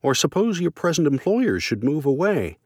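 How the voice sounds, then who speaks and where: A man's voice: on the high side, big pitch swings, moderate pace, a little mellow, dry recording, studio quality, voice pushed up. A man voicing a gloomy, anxious Christian lady who frets over the future in a worrying, lecturing way. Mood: fretful. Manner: fretful, worrying, sermonizing.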